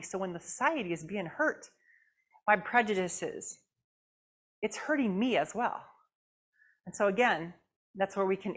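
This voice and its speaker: A woman guest speaker giving a conversational sermon, expressive and acting out her inner thoughts. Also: medium pitch. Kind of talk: sermon with puppetry.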